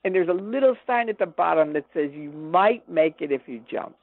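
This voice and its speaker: Older woman, guest storyteller, animated, voices quoted dialogue, thin phone-line sound, dry. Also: fairly low pitch, normal speed, dry recording. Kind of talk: personal storytelling in an interview.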